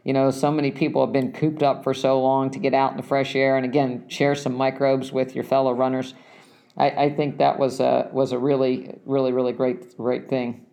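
A man casually telling a story about a race, rambling and halting, often restarting his sentences. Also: mid-range voice, little pitch movement, gravelly, mellow. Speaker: runner recounting a race.

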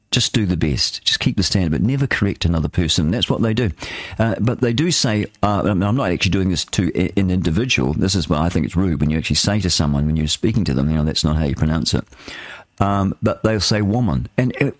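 An older man chats his way through a breakfast radio show, rambling and opinionated, with plenty of restarts. His voice sits low. It is recorded dry and close on a studio microphone. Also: dry recording. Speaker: radio host. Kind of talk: casual talk radio monologue.

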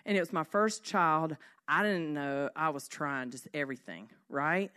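A woman giving a devotional teaching in an earnest way, reading scripture slowly and at times dropping to a soft hush. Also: low-pitched, clean tone. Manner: earnest, slows down to read scripture. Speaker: speaker.

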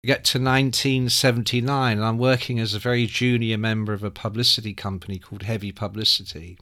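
A man's voice: lowish voice, fast talker. A man in his sixties telling a long anecdote as an interview guest, acting out quotes with lots of swearing. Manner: animated anecdotal storyteller, acts out quotes, sweary. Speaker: music writer guest. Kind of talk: casual storytelling.

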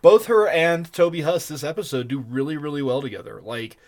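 A man co-hosting a podcast in casual chat, excitable and rambling, laughing often. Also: a little high, fairly quick, a crowd in the background. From Colorado. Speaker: podcast co-host.

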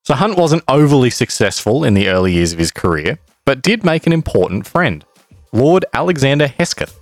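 Young male host, animated pitch, dry close mic, playful storytelling. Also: brisk, no room sound, soft background music. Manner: lively, laughs easily, playful asides. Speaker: podcast co-host. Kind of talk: casual storytelling chat.

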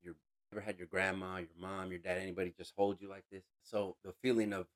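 A man giving an emotional personal testimony in an interview, earnest, calling the listener bro, voice rising high and dropping to a hush. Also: flat delivery, fast talker. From United States. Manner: swings between raised intensity and hushed quiet. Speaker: interview guest.

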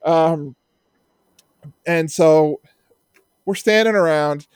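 A man's voice: on the high side, extremely slow, clear, resonant tone, dry recording. A Canadian man telling a story in casual chat, acting out the people in it and laughing along as he goes. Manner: animated, acts out quoted people, laughs while telling.

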